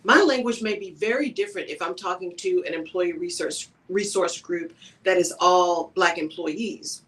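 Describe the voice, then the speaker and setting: A woman hosting a live talk radio show, talking on her own in a conversational, animated way and often checking in with "right?". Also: on the low side, normal speed, distant mic, low-quality recording. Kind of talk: solo talk radio monologue.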